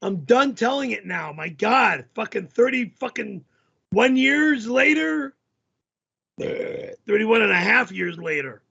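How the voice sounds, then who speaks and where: A man with a very high, gravelly voice and a husky edge hosts a live stream. He answers viewer messages indignantly, repeating himself and stammering. The stream audio is dull and lo-fi. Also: animated, slow pace, sharp tone. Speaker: livestream host.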